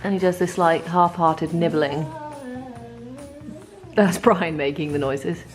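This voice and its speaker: A young woman chatting casually in a relaxed way for her vlog, with lots of asides. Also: low voice, slow, faint music behind. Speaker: vlogger. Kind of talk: casual chat.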